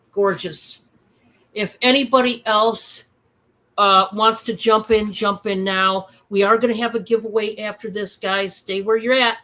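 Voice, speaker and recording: A woman hosting a casual live-stream sale, chatty and excitable, with many fillers. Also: medium pitch, unhurried.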